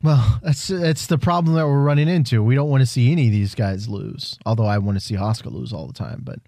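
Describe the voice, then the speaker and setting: A man's voice: mid-range voice, fast talker, vocal fry, warm tone, dry recording, clean studio sound. A man co-hosting a podcast in casual chat, teasing and joking, often firing questions back. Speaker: podcast co-host.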